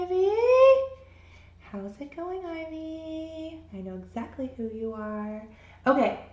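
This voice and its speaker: A woman in her forties, chatty and encouraging, giving a live painting lesson. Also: on the high side. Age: 40s. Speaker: art instructor. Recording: roomy, dull sound.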